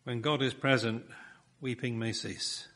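A man's voice: mid-range voice, fairly even intonation, measured pace, a bit bright. A man preaching a sermon, building his points with rhetorical questions and emphatic repetition.

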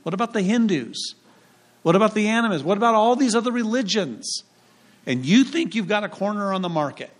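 A man's voice: high-pitched, expressive, fairly quick, voice pushed up. A man quoting his skeptical elderly grandmother, who questions his faith in a challenging way.

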